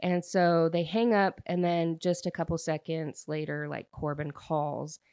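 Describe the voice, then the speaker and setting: A young woman talks through a novel's plot for her audience, rambling and full of fillers as she goes. Her voice sits low, and the recording is close and dry with no room sound. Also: level tone, unhurried, a little mellow, smooth, dry recording. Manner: chatty, rambling, many fillers and restarts. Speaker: book reviewer. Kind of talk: casual plot recap.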